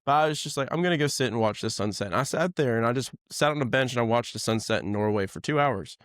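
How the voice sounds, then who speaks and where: Guy cohosting a podcast, average pitch, dry close sound, really animated when he tells stories. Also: fast, no room sound. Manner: animated storyteller, acts out quoted voices. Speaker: podcast co-host. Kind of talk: casual podcast chat.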